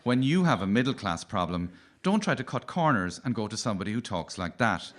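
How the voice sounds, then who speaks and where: A man's voice: fairly low pitch, a little fast, some chatter behind, slight background noise. A man with a light Cork accent doing wry stand-up comedy as the host of a radio show. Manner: wry, lively comic delivery. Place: radio studio with live audience.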